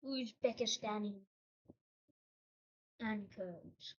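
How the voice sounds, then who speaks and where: A woman's voice: medium pitch, very slow, highs cut off. A woman voicing a president giving a formal declaration speech, putting on an accent she admits she is bad at. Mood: declaring. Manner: a self-admittedly clumsy put-on accent.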